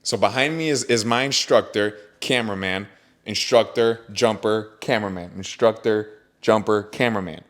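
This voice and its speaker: A young adult man hosting a podcast, telling a story in casual chat with an animated, slangy manner full of bro and dude. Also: on the low side, moderate pace. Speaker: podcast host.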